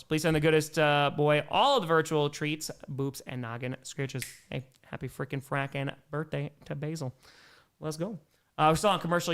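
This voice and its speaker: A man's voice: a little high, creaky. A young man hosting a live stream, reading viewer messages aloud, thanking them, and calling the plays. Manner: bursts into excited play calls. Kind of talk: live play-by-play and chat reading.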